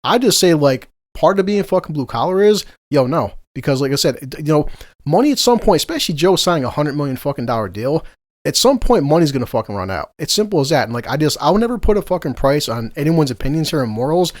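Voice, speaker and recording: Male podcast host, fast and profane, fired-up chat delivery, dry recording. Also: a little high, big pitch swings, a little mellow, no echo. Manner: profane, heated ranting.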